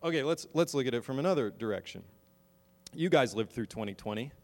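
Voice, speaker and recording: A man preaching a sermon to his congregation, moving from wry, conversational asides to loud, slow, emphatic exhortation. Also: medium pitch, expressive, big-room sound. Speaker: pastor.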